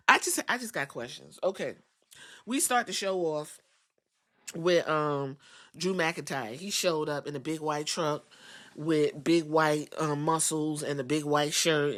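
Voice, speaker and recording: A woman hosting a podcast, recapping a show in casual commentary with a blunt, profane, animated delivery. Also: low voice, unhurried, no echo. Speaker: podcast host.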